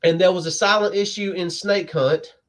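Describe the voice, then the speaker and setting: High-voiced laid-back storytelling man. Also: fairly even intonation, normal speed. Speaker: podcast co-host. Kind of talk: casual comic book chat.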